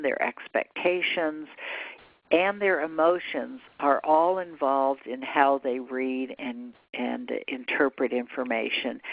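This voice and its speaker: An older woman giving a presentation on plain writing, explaining points step by step and walking through examples on slides. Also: low voice. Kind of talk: lecture presentation. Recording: dry, tinny phone-like sound.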